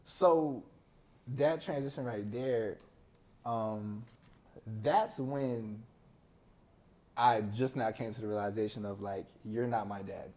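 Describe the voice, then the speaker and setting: A man, a podcast guest, telling a personal story in a casual, slangy, animated way and acting out the voices of people he quotes. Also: on the low side, slow, pauses often.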